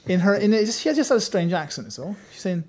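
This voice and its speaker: Games journo guy, high voice, wry self-mocking storytelling. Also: big pitch swings, fast, a little mellow. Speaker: games magazine writer, podcast regular. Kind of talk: casual podcast chat, anecdote.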